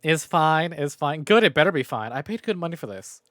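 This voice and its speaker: A male streamer talks casually from home into a close microphone, swearing freely and rambling between jokes at his own expense. His voice sits a little high and jumps around a lot. The sound is dry, with no room echo. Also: expressive, a little fast, fairly bright tone. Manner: profane, rambling and self-mocking. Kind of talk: casual game stream recap. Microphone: new desk microphone.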